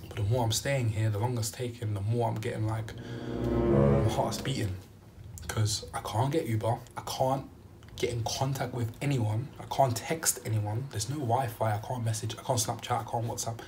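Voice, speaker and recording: A young man vlogging a travel story, animated and acting out what he said at the time. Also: fairly low pitch, moderate pace, background noise. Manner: animated storytelling, acting out his own quotes. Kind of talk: storytime vlog.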